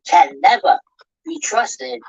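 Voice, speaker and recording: Scottish woman, combative commentary rant, lively swings in pitch, dry muffled recording. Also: slow pace, breathy edge, no room sound. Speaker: channel host. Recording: dull lo-fi dry audio.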